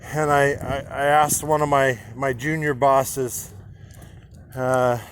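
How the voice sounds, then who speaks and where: A man talks slowly and deliberately, stopping often to restart his sentences. His voice sits at an ordinary middle pitch, and he speaks frankly with casual swearing. He records an inspirational monologue into his own camera. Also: flat delivery, slight background noise. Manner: halting, with frequent restarts and fillers. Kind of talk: candid personal vlog monologue.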